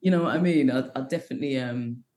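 A woman's voice: extremely low pitch, fast, mellow. A woman chats as a podcast guest. She is candid and a little sweary, and she laughs easily. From South London, England. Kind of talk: casual podcast chat.

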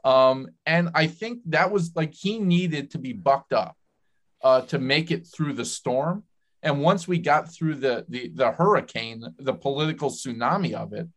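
A political advisor speaks in a measured, explanatory way, his voice sitting a bit high for a man. He often restarts his sentences as he works through a point. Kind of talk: podcast conversation.

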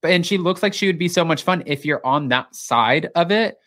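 A man with a fairly high voice chats through a reality TV recap. He talks loosely and playfully, slipping into short mimicked quotes as he goes. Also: expressive, a little fast, sharp tone. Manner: chatty, acts out quotes in bits of mimicry. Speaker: podcast host. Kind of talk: casual recap chat.

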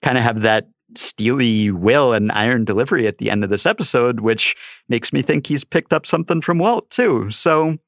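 A man co-hosts a podcast in relaxed, analytical conversation. He laughs easily and his voice sits mid-range, recorded close and dry. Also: medium pitch, normal speed, no echo. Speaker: podcast co-host. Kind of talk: casual chat.

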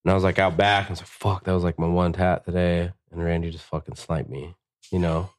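A tattoo artist appearing as a podcast guest tells profane stories from his shop in casual chat. His voice is low and fairly quick, and he's animated, acting out quotes in higher voices.

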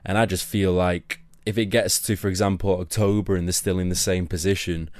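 A man's voice: sits low, flat delivery, a little fast, a little mellow, no echo, studio quality. A man co-hosting a football podcast, giving earnest, opinionated analysis. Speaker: podcast co-host.

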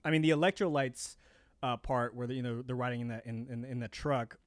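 A man co-hosts a podcast, rambling through casual chat with frequent restarts and some laughter. His mid-range voice has a steady tone and a fairly quick pace. The audio is studio quality with no echo.

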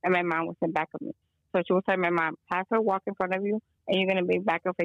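A woman, a guest healer, tells a long, rambling story over a phone or video call, full of fillers and sprinkled with Spanish words. Her voice is on the low side, steady in tone, fast and gravelly, with no echo, though the call audio is dull and lo-fi.

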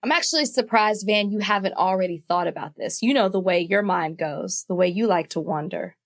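Female podcast co-host: easygoing storyteller, supportive interjections, mid-pitched. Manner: easygoing, quick affirmations, storytelling. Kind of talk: casual podcast chat.

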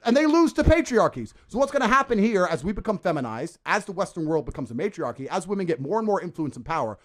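A man talking as a podcast guest, ranting forcefully and with lots of profanity. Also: high-pitched, very animated, fast. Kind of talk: casual podcast conversation.

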